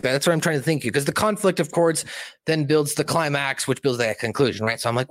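A man's voice: fairly high pitch, brisk, dry recording. A young man reviewing a movie on a casual livestream, rambling and swearing, with many fillers.

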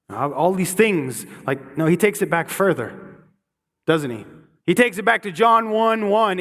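A man with a notably high voice delivers an earnest sermon, stumbling over and repeating words as he builds each point. His voice rings out with a long reverb, as in a church hall. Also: animated, a little slow, a bit bright. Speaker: pastor.

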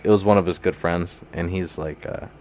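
Low-voiced young man telling stories, laughing. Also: fairly even intonation, moderate pace, darkish tone. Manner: laughs often, swears freely, says dude constantly. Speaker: guest. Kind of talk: casual storytelling.

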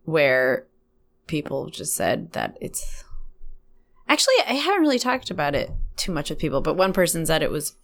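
A woman's voice: low-pitched, big pitch swings, normal speed. A woman chatting on a podcast, musing aloud in a tentative way. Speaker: podcast guest. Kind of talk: casual chat.

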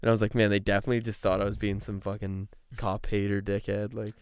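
A young man rants loosely on a casual podcast, cursing as he goes. His voice sits a little low and sounds smooth. The sound is close and dry. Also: quick pace, dry recording. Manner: animated ranting, swears freely. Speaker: podcast co-host. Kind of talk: casual chat.

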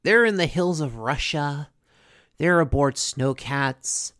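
Chatty recap host with lively pitch. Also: takes it slowly, no room sound, studio quality. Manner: chatty, lots of fillers and asides. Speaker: host recapping a cartoon episode. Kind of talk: casual recap.

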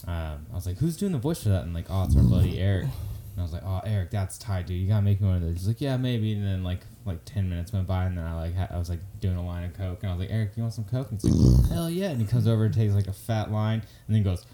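Deep fast-talking man. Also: steady tone, noisy background. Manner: rambling, laid-back storytelling. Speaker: comedian guest. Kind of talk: casual chat, storytelling.

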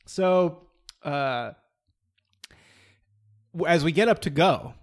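In a fairly high-pitched voice, a man takes his time telling a long story in casual chat. He rambles, swears and restarts his sentences often as the conversation's storyteller.

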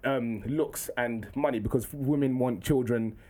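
A man voicing a formal, bookish young schoolboy who speaks in measured, overly polite sentences. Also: medium pitch, fairly even intonation, dark tone, voice pushed down, close to an everyday voice. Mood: earnest.

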